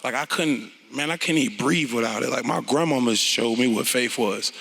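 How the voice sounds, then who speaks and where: A man, a rapper telling his story onstage in a blunt, profane and animated way. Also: mid-range voice, moderate pace, creaky, breathy edge, long reverb tail. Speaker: interview guest, rapper. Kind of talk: candid onstage conversation.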